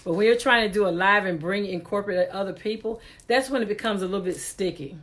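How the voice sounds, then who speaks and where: A woman's voice: mid-range voice, quick pace, a bit bright. Woman, live-stream talk show host, chatty, laughs a lot, fed up with tech trouble, computer mic. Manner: chatty, laughs often, exasperated at technical glitches. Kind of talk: casual live-stream chat.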